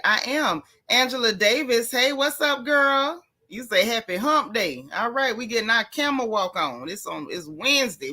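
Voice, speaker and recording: Bright-voiced chatty woman livestream host. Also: a little high. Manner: lively, chatty, Southern Black American slang. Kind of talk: casual livestream chat greeting viewers.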